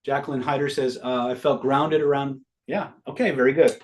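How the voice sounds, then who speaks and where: A man's voice: mid-range voice, fairly even intonation, normal speed. A middle-aged man teaching a live online master class in a casual way, swearing freely and quizzing his audience.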